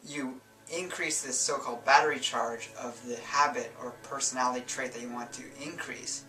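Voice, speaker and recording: Bright-voiced man, roomy and distant. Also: mid-range voice. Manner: relaxed, rambling explanations with fillers and self-corrections. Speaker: self-help channel host. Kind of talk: casual instructional talk. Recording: roomy sound from a distance, faint music.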